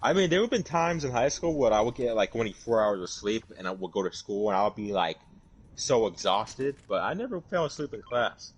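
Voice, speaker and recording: Husky-voiced young man chatting casually. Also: lowish voice, big pitch swings, a little fast. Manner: hesitant, many fillers and restarts. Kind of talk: casual chat.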